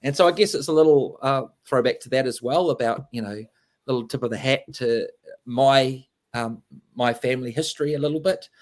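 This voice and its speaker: A man's voice: medium pitch, a little fast. English man, chatty author. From England. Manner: rambling, many fillers and restarts, laughs often. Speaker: author guest. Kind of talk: casual interview chat.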